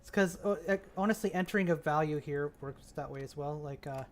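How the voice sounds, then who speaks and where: A man's voice: a little high, brisk, a little hiss or hum. A man thinking aloud in a casual, rambling way as he builds a game map, often trailing off. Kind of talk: casual commentary while working.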